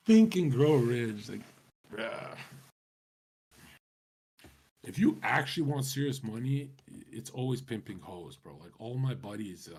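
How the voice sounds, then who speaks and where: Young male streamer, raspy, brash and profane, rambling casual chat. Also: on the low side. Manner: swaggering, profane, slangy.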